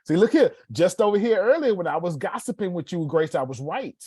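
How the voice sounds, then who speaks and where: Animated, slangy male teacher. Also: high-pitched, brisk, few pauses, slightly rough, dry recording. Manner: animated, slangy, jokes and acts out examples. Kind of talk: online class teaching.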